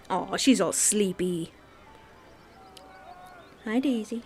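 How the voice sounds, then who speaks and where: A woman's voice: on the high side, lively intonation, measured pace, a little hiss or hum. Playful chatty woman streamer. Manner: playful, chatty, laughs often. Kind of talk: live game commentary.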